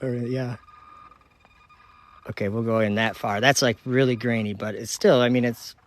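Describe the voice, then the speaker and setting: A man's voice: medium pitch, steady tone, moderate pace. Chatty Minnesota man streaming outdoors. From United States (Minnesota). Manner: chatty, reads viewer comments aloud, laughs easily. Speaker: livestream host. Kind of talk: casual live-stream chat with viewers. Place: outdoors at night by a telescope. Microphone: phone.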